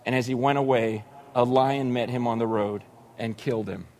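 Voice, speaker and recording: A man preaching a sermon, telling stories with acted-out voices and sudden shouts. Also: medium pitch, steady tone, normal speed. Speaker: pastor.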